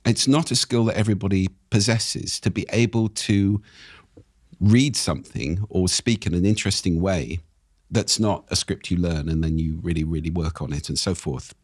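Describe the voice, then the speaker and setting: A man with a very low voice talks as a podcast guest, his delivery expressive and animated. The sound is close and dry, with no room around it. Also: normal speed, no room sound. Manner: expressive, animated delivery with wide pitch swings. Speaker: speaking expert guest. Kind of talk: interview conversation.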